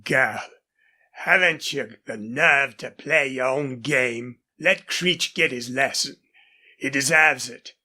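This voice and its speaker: A woman doing a gruff, husky old rancher dad. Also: a bass voice, slow, pushed and bright, full character voice. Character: gruff older male rancher, horse-proud indulgent father. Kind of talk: audiobook character voice.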